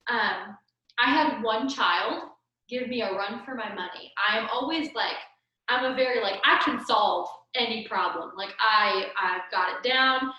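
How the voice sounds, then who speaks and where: A woman's voice: a little high, unhurried, lo-fi sound. Chatty young woman, echoey distant room. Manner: chatty, animated, laughs often, many fillers. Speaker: children's ministry trainer. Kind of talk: casual training talk. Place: church room.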